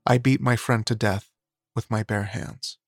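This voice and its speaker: A man voicing a remorseful incarcerated man who speaks in a quiet, firm, trembling voice, with music behind. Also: mid-range voice, fairly even intonation, measured pace, dry recording, studio quality, natural voice. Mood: somber. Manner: trembling, restrained voice. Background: background music.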